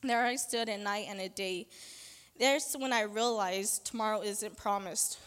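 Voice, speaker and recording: A woman giving a spoken church testimony, earnest and halting, with repeated fillers. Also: medium pitch, a bit bright, in a large hall.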